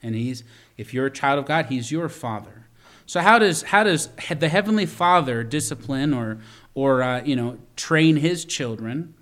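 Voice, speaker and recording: A man's voice: mid-range voice, lively intonation, normal speed. A man preaching a sermon as pastor, retelling a story and then speaking directly to parents, often repeating words and restarting lines. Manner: storytelling preacher, swings from loud emphasis to quiet asides.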